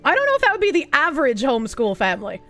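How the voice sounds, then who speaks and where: A young woman with a Boston accent talks to her stream chat with a high, lively voice that leaps around as she jokes and swears. Faint music plays behind her. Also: very fast. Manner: animated, swearing, laughing, bursts into loud put-on yells. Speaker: streamer reading chat messages. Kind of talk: casual livestream chat.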